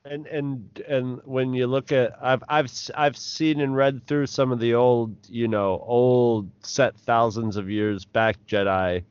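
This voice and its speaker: A man co-hosting a podcast, chatting casually and rambling, with halting restarts. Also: mid-range voice, steady tone, clean tone, dry recording, muffled recording. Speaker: podcast co-host. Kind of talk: casual chat.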